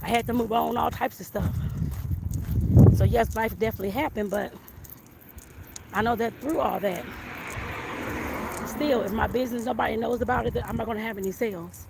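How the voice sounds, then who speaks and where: A woman's voice: fairly high pitch, steady tone, fairly quick, vocal fry, pauses often. A woman talking casually while walking outdoors, a little out of breath, rambling and repeating herself as she vlogs about her home business. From southern Arizona. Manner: rambling, repeats "like I said" and "I guess I put it that way". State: slightly out of breath. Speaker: vlogger, home baker and life coach. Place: outdoors on a hot sunny street. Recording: loud street and wind noise.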